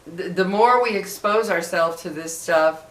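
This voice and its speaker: A woman's voice: fairly low pitch, unhurried. A middle-aged woman vlogging casually to her viewers, talking in an impassioned, emphatic way and repeating herself for emphasis. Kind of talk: casual direct-to-camera talk. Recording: echoey room.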